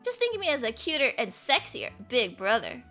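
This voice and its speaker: A woman puts on a bubbly, flirty guide for a dating game, high-pitched and bright. She teases and winks her way through every line, bouncing all over her range. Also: wildly swooping pitch, a little fast, faint music behind, full character voice. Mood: teasing. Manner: playful, teasing. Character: perky female show guide, teasing and flirty.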